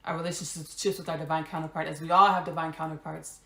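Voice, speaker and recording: A woman's voice: low-pitched, flat delivery, fast, gravelly, pushed and bright, reverberant. A woman hosting a spiritual podcast monologue, repeating key phrases with emphasis and dropping casual asides. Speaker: podcast host.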